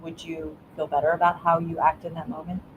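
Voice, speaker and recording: Tinny, narrow audio with background noise carries a middle-aged woman's low, flat, brisk voice. She's an educator and guest answering interview questions, giving earnest parenting tips in a warm coaching manner with many restarts.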